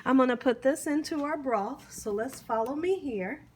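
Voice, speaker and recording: Speaking at a moderate pace in a high-sitting voice, the host walks viewers through a cooking demo in her kitchen. She chats warmly, encourages them, and keeps asking "you hear me?" while a faint hiss or hum runs in the background.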